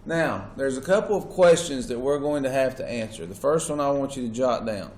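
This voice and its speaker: A man's voice: medium pitch, fairly quick, a little mellow. A man lecturing a class as their teacher, asking questions and stressing key words. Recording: echoey classroom with faint noise.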